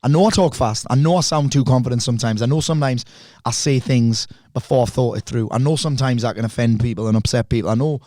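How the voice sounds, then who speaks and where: A man, a podcast guest talking bluntly and fast, with lots of swearing. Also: mid-range voice, darkish tone, dry recording. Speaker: podcast guest, speaker and coach. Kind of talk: candid conversation.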